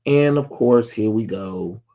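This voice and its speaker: A man's voice: fairly low pitch, slow, dark tone, highs cut off. A man casually recapping a comic book issue, rambling with lots of ums and blunt, sarcastic asides. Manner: rambling, many filler ums.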